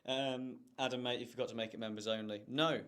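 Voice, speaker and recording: A man reading viewer questions aloud on a casual livestream, chipping in with quick quips. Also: medium pitch, fairly even intonation, a bit bright, smooth. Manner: brisk, reads out comments, quick quips.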